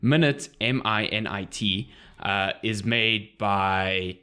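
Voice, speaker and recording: Low-voiced man co-hosting a gaming chat. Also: slow pace, sharp tone, smooth. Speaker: podcast co-host.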